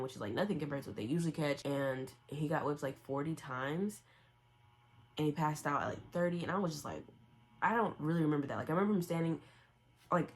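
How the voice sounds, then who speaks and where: A young woman in a casual reading vlog, speaking quickly in a low register. She rambles in a chatty way, full of fillers, and slips into the characters' lines as she recaps. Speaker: book vlogger.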